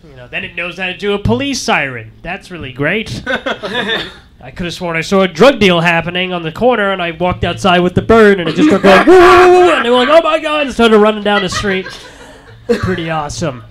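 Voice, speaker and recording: A man doing a stand-up comedy set, telling stories in a deadpan way and acting out the voices of the people in them. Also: high voice, a little fast. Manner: deadpan storytelling that acts out quoted voices.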